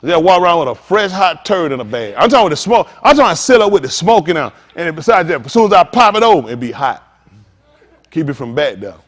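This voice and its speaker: Animated high-voiced preacher in a hall. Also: male voice. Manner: lively preaching with call-outs to listeners, acted asides and drawn-out lines. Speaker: pastor. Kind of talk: sermon.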